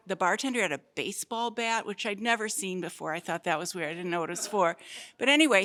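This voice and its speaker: A woman tells a short personal anecdote at a live storytelling event in a museum space. She speaks casually and conversationally, at an ordinary pitch. She starts hesitantly and fills gaps with little ums. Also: fairly bright tone.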